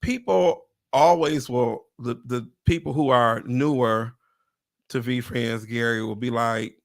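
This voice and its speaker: Excited gravelly man telling a story. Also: medium pitch, slow pace. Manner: animated, acts out quotes, swears, laughs often. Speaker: real estate agent and livestream host. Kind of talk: excited storytelling in casual chat. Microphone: livestream.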